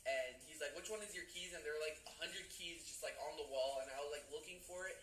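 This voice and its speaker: Excitable young man telling a story. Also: a little high, quick pace, a little hiss or hum. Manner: excitable, repeats words for emphasis. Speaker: vlogger. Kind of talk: animated storytelling to camera. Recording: roomy, slightly distant, faint ambience.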